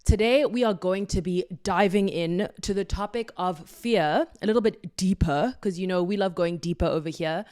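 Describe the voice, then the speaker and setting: A woman's voice: lowish voice, moderate pace, hardly any pauses, darkish tone. A woman hosting her own podcast, talking solo in an effusive, affirming and playful way. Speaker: podcast host.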